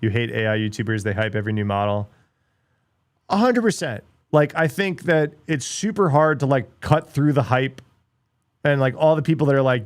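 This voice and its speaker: A middle-aged man talks casually on his livestream. He is blunt and ranty, swears freely and leans on filler words. His pitch sits in an ordinary middle range for a man. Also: expressive, moderate pace, no room sound. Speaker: livestream host. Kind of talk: casual livestream chat, reacting to videos.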